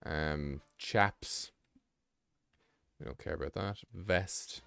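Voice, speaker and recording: A low-voiced man hosts a casual live stream, reading passages aloud and wandering off into offhand asides. His voice sits close and dry on a desk mic. Quiet music plays faintly underneath. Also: drawn-out words, vocal fry, clean tone, no room sound. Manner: rambling, reads text aloud with offhand asides. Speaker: livestream host.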